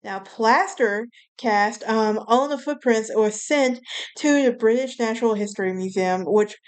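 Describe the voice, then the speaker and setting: A woman's voice: fairly high pitch, a little slow, clean tone. A woman hosting a casual solo podcast, telling a story in a rambling way, often correcting herself and laughing at her own telling. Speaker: podcast host.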